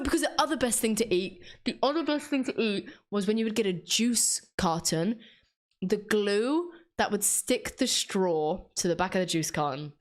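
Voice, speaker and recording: A woman chatting casually while she draws, self-mocking and laughing often. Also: lowish voice. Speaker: drawing vlogger. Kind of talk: casual chat while drawing.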